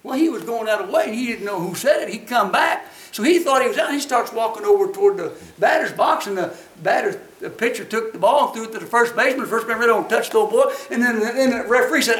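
Preaching quickly in a very high, animated voice, a man delivers a folksy, emphatic sermon. He shouts when acting out different voices, and the recording places him at a distance in an echoing hall.

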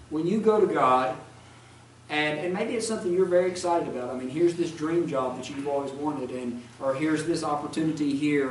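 A man's voice: fairly high pitch, slight background noise. A man preaching a sermon, reading scripture aloud and asking the listeners conversational questions. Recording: echoey room, mic at a distance.

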